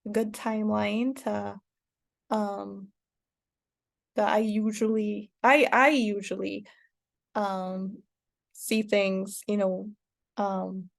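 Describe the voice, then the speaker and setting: A woman teaching an online course in a casual, rambling way, with many fillers and restarts and sudden bursts of excited cheering. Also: mid-range voice, takes it slowly, creaky, pauses often. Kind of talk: casual spoken lesson.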